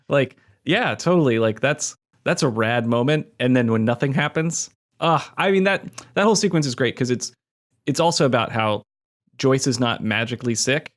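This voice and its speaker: A man co-hosting a fan podcast, talking in a rambling, easygoing way. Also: medium pitch. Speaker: podcast co-host. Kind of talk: casual chat.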